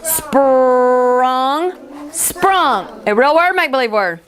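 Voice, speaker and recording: A woman teacher leading a classroom phonics lesson, encouraging and stretching sounds out slowly. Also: sits high, animated, fairly bright tone.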